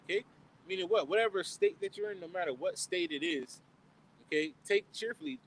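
A man's voice: sits high, lively intonation, brisk, a little hiss or hum, low-quality recording. A man leading an informal outdoor Bible study as preacher, who ends nearly every phrase with "man" or "okay?" and asks questions he then answers himself.

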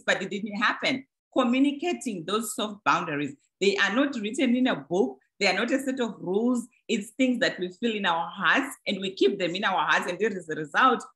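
A woman's voice: mid-range voice, fairly bright tone, rough recording. A middle-aged woman giving an earnest church teaching on boundaries, in plain words, acting out short everyday examples. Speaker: speaker teaching a church group. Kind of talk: teaching talk to a congregation.

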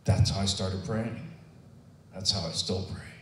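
A man's voice: sits low, fairly even intonation, measured pace. A man in his sixties giving an earnest, emotional personal testimony, acting out the voices of the people he quotes. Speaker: testimony speaker. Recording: roomy, distant and noisy.

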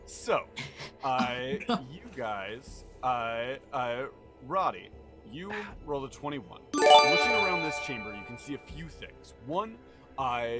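Over background music, a game master runs a tabletop game on a live stream, narrating in a rambling style packed with fillers and frequent laughter. His voice is medium-pitched and slow with lively intonation.

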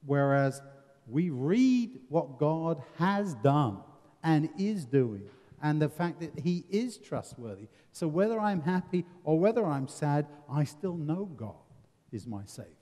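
A warm, fairly high, sing-song voice at a measured pace belongs to a man from England leading a seminar in his English accent. He is earnest, asks rhetorical questions and adds wry humour, and the recording carries a hall's reverberation.

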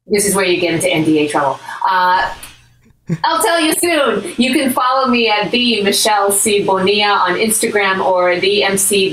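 Low-voiced actress in an echoey room. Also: female voice, far from the mic. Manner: warm, upbeat, a little rambling. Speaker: actress and voice actor. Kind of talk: casual panel chat.

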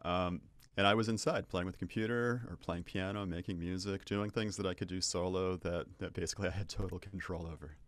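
A man's voice: low-pitched, fairly even intonation, a little fast, no echo. A man from New England with a New England accent, chatting playfully as a podcast guest and laughing often. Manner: playful, laughs often, repeats words as he starts. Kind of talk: casual interview chat.

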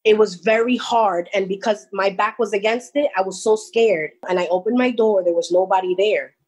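Husky-voiced young woman telling her story. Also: mid-range voice, normal speed, a little mellow, low-quality recording. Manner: rambling with frequent restarts. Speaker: interviewee recounting a personal experience. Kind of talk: personal storytelling.

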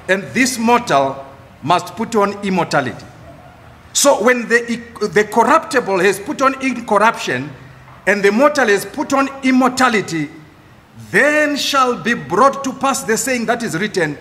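A man preaching a sermon as pastor, emphatic, repeating key phrases with dramatic pauses. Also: high voice, very animated, bright, forceful tone. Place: church. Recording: echoey church hall.

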